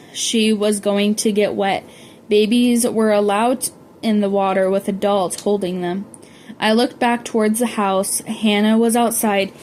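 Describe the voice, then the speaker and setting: Flat-voiced woman reading a novel aloud. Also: mid-range voice, a little hiss or hum. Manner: stumbles and corrects herself. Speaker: audiobook reader.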